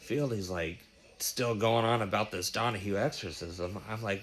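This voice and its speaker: A man with a lowish voice recounts a bizarre dream in loose, casual storytelling. He stumbles and restarts, swears freely and keeps an animated, breathless drive. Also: moderate pace. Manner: animated, profane, breathless retelling.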